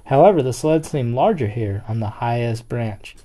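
A storyteller reading a children's picture book aloud in a steady, expressive way. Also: mid-range voice, moderate pace.

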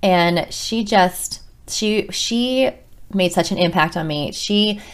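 A woman's voice: mid-range voice, slow. A middle-aged woman, a school counselor, telling a heartfelt personal story with emotion and many restarts. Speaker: school counselor and podcast host.

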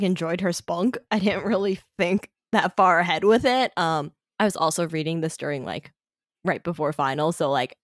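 A woman's voice: lowish voice, no room sound, clean studio sound. A young woman, a student, chatting casually about a book on a review podcast, talkative with hesitant asides.

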